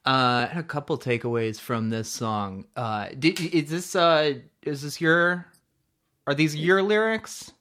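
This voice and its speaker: A man hosting a casual podcast chat, relaxed, asking short questions. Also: on the high side, measured pace. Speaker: podcast host.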